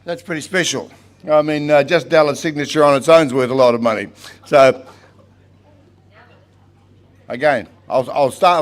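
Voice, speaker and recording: A man's voice: a little high, moderate pace, pauses often. Jovial Australian man calling an auction. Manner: jovial, teasing the crowd with "mate" and "darling". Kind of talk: charity auction calling bids. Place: large function hall in a club.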